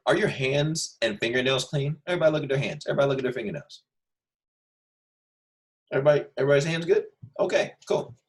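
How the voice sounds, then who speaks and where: Teaching second graders online, this lowish-voiced man stays cheerful and playful, addressing the kids directly and calling on each by name.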